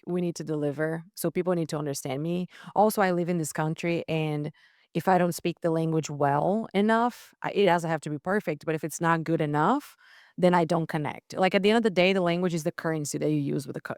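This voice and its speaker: A woman's voice: sits low, clear, resonant tone, no echo, clean studio sound. A woman hosting a podcast, asking questions and speaking directly and matter-of-factly in a casual roundtable chat. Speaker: podcast host.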